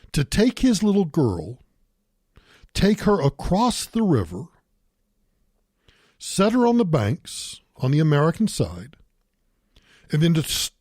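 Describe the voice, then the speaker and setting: A man's voice: fairly high pitch, darkish tone, no echo, studio quality. An older man hosting a talk show, delivering an emphatic political monologue and repeating points for stress. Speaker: radio talk show host.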